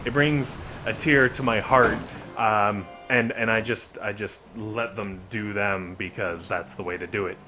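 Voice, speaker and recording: A man's voice: on the low side, steady tone, unhurried, sharp tone, soft background music. A man giving casual, rambling gameplay commentary with joking asides. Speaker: gaming video creator.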